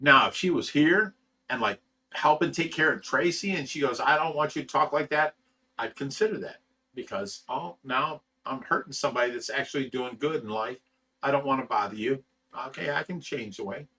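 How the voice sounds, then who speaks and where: A man's voice: medium pitch, moderate pace, sharp tone, husky, distant mic. A man hosting a livestream, chatting casually and reading viewer comments in a blunt, rambling way, swearing freely. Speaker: livestream host reading chat.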